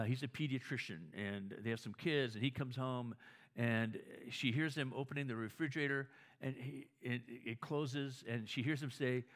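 This preacher has a mid-range voice with a fairly bright tone. His sermon is conversational and anecdotal, punctuated by restarts, repeated words, and questions asking the audience to agree.

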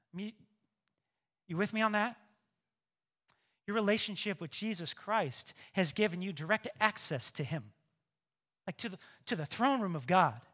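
Bright, lively male pastor preaching. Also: sits high. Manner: lively, swings between hushed and loud. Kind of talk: sermon.

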